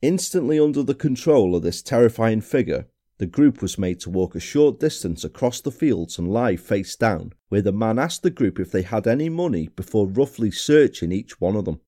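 A man narrates a true-crime podcast in a measured, somber manner. His voice is low-pitched and mellow. His pitch moves around a lot as he tells the story. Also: animated. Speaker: podcast host.

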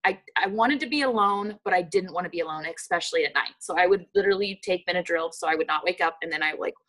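A young woman from the rural United States recounting a personal loss in a halting testimony full of fillers and restarts. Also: on the low side, fairly bright tone, rough recording.

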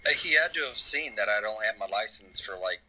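A young man, a podcast guest telling a story in a halting way. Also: lowish voice, lively intonation, a crowd in the background, low-quality recording. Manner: halting, full of fillers and restarts. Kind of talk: casual podcast chat.

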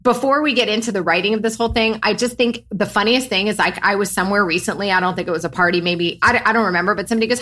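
A woman's voice: medium pitch, racing, few pauses, bright, forceful tone. A woman co-hosting a podcast in casual chat, blunt and sweary, often laughing. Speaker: podcast co-host.

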